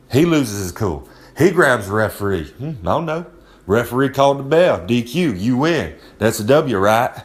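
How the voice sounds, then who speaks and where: A man delivers a casual, rambling monologue of advice, swaggering and streetwise. His voice sits in an ordinary middle pitch, and he keeps circling back to the same catchphrases with easy confidence. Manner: swaggering, loose, repeats "I'm just saying", streetwise slang. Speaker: recurring advice segment presenter. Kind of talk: casual monologue of wrestling tips.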